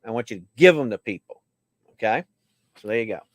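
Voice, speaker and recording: Lively, joking man hosting a coin auction. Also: on the low side, brisk, no echo. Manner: chatty and joking, talks straight to viewers. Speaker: host of a coin auction livestream. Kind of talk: casual livestream chat.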